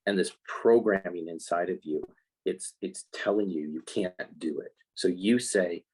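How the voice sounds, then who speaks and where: A man who is a life skills coach for kids, talking in a casual podcast interview. He explains in an animated way and acts out the voices he quotes. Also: low-pitched, measured pace, slightly rough, poor audio.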